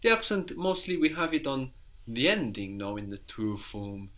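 A male teacher on a recorded language lesson, speaking at a middling pitch. He explains things patiently and repeats each answer slowly for his students to follow. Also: sing-song, fairly bright tone.

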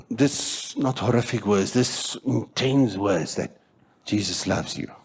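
A South African man preaching a sermon in church, telling stories with animated acted-out voices and shouting for emphasis. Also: on the low side, slow, gravelly, a little hiss or hum. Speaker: pastor.

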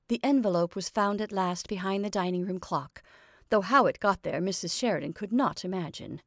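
A woman storyteller reading a classic short story aloud in a measured narration. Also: medium pitch, no room sound, studio quality.

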